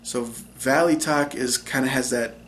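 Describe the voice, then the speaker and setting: A man's voice: medium pitch, steady tone, normal speed, very noisy. A young man casually explaining a language topic, hesitant and full of ums. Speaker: language channel host.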